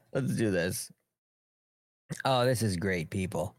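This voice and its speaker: A low-voiced man hosts a casual live political show, rambling and sarcastic and swearing often. The sound is clean studio audio with no room echo.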